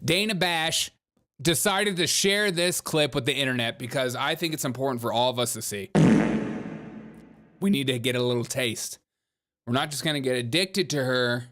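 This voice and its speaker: A man from South Carolina with a Southern accent, hosting a comedic news podcast with fast, sarcastic asides. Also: mid-range voice, pushed and bright. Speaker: podcast host.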